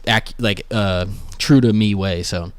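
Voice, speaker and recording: A man in his late twenties from Boston, a street artist talking casually and thoughtfully, often pausing and restarting his sentences. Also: on the low side, clean tone, no echo. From Boston, USA. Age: late 20s. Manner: hesitant, thoughtful, many fillers and restarts. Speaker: street portrait artist, guest. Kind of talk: casual conversation.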